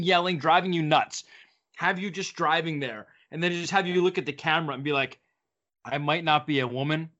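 A man hosting a casual interview, offering advice and pitching joking ideas to his guest. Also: bright, forceful tone, muffled recording. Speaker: interview host.

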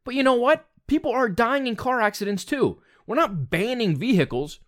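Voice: mid-range voice, animated, normal speed, hardly any pauses, fairly bright tone. Blunt, exasperated ranting commentator. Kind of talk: opinion rant monologue.

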